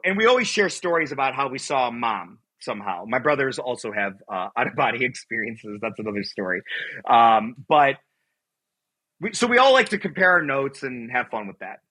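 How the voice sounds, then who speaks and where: A middle-aged man from Buffalo, New York, telling a personal story as an interview guest, animated and rambling, often acting out quotes. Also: mid-range voice, normal speed, rough recording.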